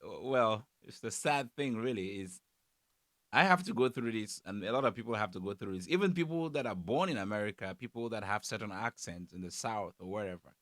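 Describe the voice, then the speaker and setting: A man's voice: on the low side, fairly quick, dry recording, clean studio sound. A man from Cameroon with a Cameroonian English accent, chatting casually as he reacts to a comedy clip. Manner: relaxed, chatty, frequent fillers. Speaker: YouTube reactor.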